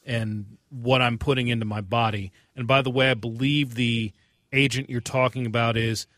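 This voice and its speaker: A man's voice: medium pitch, fairly even intonation, moderate pace, a bit bright, no room sound. Minnesota guy producing a radio show, dry studio sound, lots of uhs. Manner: hesitant, many fillers. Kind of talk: casual radio chat.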